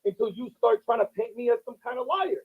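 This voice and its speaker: A man's voice: very high voice, very animated, quick pace, creaky, a crowd in the background. A man, a battle rapper, talking heatedly in an interview, aggrieved and insistent, restarting his sentences. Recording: tinny lo-fi interview clip.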